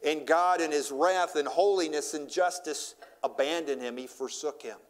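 Pastor, male, fairly high voice; reads scripture, then explains it in plain terms, often repeating "and, and". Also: normal speed. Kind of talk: sermon. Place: church sanctuary.

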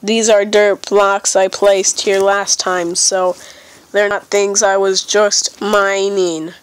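A woman's voice: mid-range voice, little pitch movement, takes it slowly, clear, resonant tone, poor audio. A young woman with a stuffy nose giving silly, rambling commentary while playing a game. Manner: silly, rambling, playfully dramatic. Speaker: gamer. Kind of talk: casual gameplay commentary.

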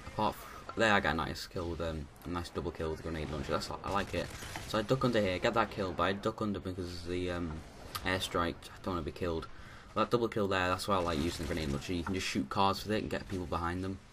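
Man, deep voice, casual gameplay commentary, rambling, slight background hiss. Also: quick pace, hardly any pauses. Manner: rambling, many restarts and fillers.

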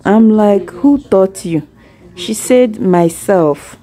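A young adult woman and mother chatting casually to camera about her daughter, talking slowly and tenderly, marveling and repeating herself. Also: medium pitch, mellow.

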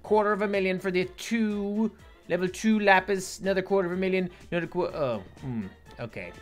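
A woman giving excitable, playful gameplay commentary and talking to her viewers. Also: mid-range voice, a little fast, soft background music. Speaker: gaming YouTuber.

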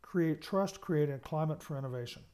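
A man's voice: on the high side, moderate pace, dark tone. A man from the United States lecturing on management, explaining points and stressing key words, often checking in with "okay". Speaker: university lecturer. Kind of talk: recorded lecture.

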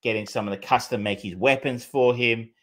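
A man's voice: mid-range voice, steady tone, a little fast, fairly bright tone. A man co-hosting a film podcast, chatting casually with many fillers, restarts and the odd swear word. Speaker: podcast co-host. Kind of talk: casual film review chat.

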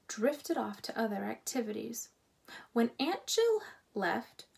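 A woman reading a children's book aloud as narrator, expressive and unhurried. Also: fairly high pitch, creaky.

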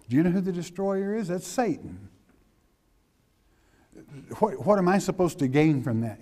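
Slow, folksy preacher man. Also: on the high side, lively intonation, mellow. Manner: folksy, emphatic, keeps checking in with listeners. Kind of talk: expository sermon.

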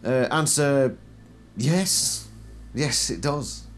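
A man's voice: lowish voice, animated, a little slow, slight background noise. A man giving a casual explanatory commentary, posing questions and then answering them himself. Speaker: video essayist.

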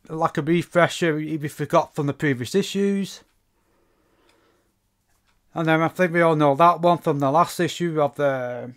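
Rambling man reviewing comics. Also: fairly high pitch. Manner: rambling, with many fillers and restarts. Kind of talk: casual comic book review.

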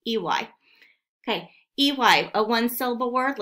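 A woman's voice: fairly high pitch, lively intonation, moderate pace, sharp tone. A woman teaching a remote phonics lesson to second graders, patiently sounding out words syllable by syllable.

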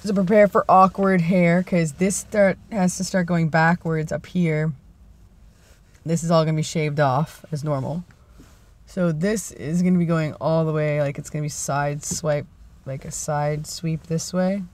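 A man's voice: a little high, steady tone, measured pace. A young man in his twenties, vlogging casually in a rambling, self-deprecating way. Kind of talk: casual vlog chat.

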